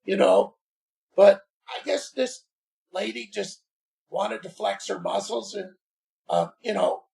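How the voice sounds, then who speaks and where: High, gravelly man telling a story. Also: takes it slowly. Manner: animated, exasperated retelling with quoted dialogue. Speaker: podcast guest. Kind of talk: casual storytelling.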